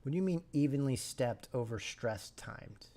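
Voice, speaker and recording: A man streaming a language study session, thinking aloud and slowly repeating syllables to practice pronunciation, sometimes dropping to a whisper. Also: medium pitch, expressive, gravelly, background noise. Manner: slow, repeats sounds and syllables, drops to a whisper at times.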